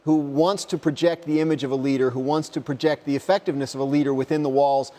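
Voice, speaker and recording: Sports reporter guy rambling through his answers, kinda high voice, lots of restarts. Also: level tone, quick pace, mellow. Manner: rambling, many restarts and retold quotes. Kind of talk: conversational interview answers.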